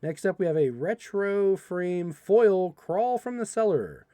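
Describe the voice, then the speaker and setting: A young man hosts a live card-opening stream, rattling through card text and tossing playful asides to his viewers. His voice swings widely in pitch and sits a little higher than most men's. The sound is close and dry, with no room echo. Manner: animated, reads card text quickly, playful asides to chat. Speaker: livestream host opening card packs. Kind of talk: casual livestream commentary.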